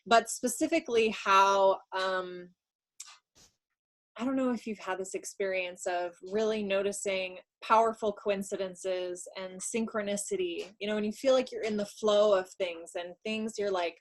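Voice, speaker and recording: A woman co-hosting a live online stream, reading a tarot card in a relaxed, reflective way, thinking aloud with many fillers. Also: medium pitch, moderate pace. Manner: warm, reflective, talks through ideas with fillers. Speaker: co-host and card reader. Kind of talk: casual live-stream chat.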